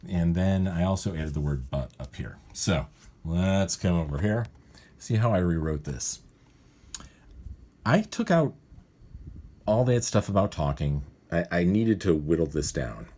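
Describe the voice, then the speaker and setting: Male cartoonist with a very low, dark, husky voice who rambles and self-corrects as he explains his writing. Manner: rambling, thinking aloud, often correcting himself. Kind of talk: casual walkthrough of his writing process.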